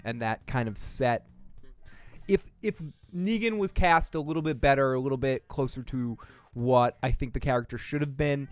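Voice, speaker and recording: A Boston-accented man hosts a casual show recapping a TV episode, rambling, joking and swearing freely as he riffs. His mid-range voice moves at normal speed, clean and without echo.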